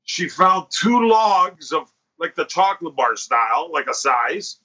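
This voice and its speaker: A man on a podcast, telling a crude story in a casual and animated way, swearing and acting out what people said. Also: fairly high pitch, a little slow, slight background noise. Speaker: podcast host. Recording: dull lo-fi podcast audio.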